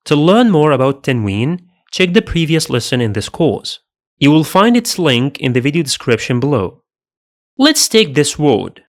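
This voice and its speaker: A man teaching Arabic pronunciation in a scripted lesson, speaking deliberately and saying each sound twice. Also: a little high. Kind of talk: slow scripted lesson narration.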